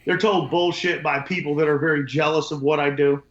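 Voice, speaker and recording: Brisk and fairly even in intonation, this man's fairly high voice carries blunt, profane, rambling anecdotes. He is a window cleaning business owner guesting on a podcast, and the sound is echoey and dull lo-fi.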